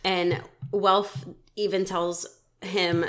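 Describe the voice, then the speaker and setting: A woman hosting a podcast, telling a true crime story in casual chat, animated, laughing often and swearing freely. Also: lowish voice, normal speed.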